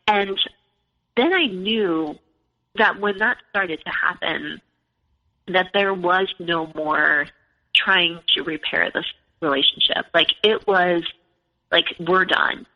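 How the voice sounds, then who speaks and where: A woman's voice: medium pitch, slow pace. Chatty woman on a lo-fi echoey line. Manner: chatty, fills speech with "like" and "you know". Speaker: podcast guest. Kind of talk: personal storytelling in conversation. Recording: lo-fi with long reverb.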